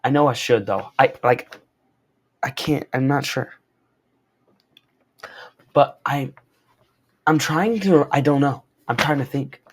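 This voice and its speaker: A young man recapping and reviewing a comic book in a casual, slangy, excitable way, wearing a corded mic as he moves around. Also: medium pitch, slow pace, long pauses, a little hiss or hum. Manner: slangy and excitable, lots of "bro" and "like". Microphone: wearing a corded mic while walking around.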